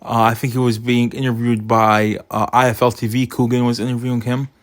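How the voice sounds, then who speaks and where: A man's voice: mid-range voice, fairly quick, no echo. Opinionated man talking boxing, dry mic. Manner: opinionated, animated when retelling funny moments. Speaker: boxing commentator. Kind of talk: casual commentary monologue.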